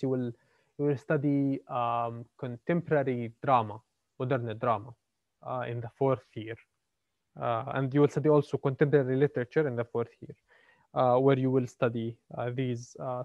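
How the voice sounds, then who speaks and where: A man's voice: mid-range voice, dry recording. Hesitant male lecturer, dry muffled sound. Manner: hesitant, many fillers and repeated words. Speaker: university literature lecturer. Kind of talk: classroom lecture. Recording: dry, slightly muffled lo-fi recording.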